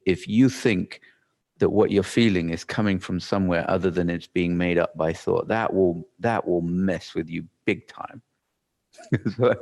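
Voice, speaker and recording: A man's voice: deep voice, a little mellow. A man giving a live talk, telling a story animatedly and acting out his own thoughts, with frequent restarts. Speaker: workshop speaker.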